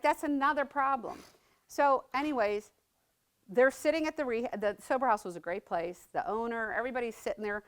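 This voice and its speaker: A woman's voice: a little high, fairly bright tone. A middle-aged woman giving a personal testimony talk, conversational and earnest, often checking in with the audience by asking "right?". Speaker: speaker sharing her story as a mother.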